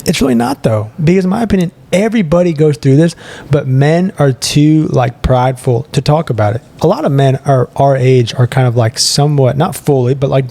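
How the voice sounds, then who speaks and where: Young guy cohosting a podcast, warm mellow tone, rambly and earnest, laughs a lot. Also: medium pitch. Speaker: podcast co-host. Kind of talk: casual chat.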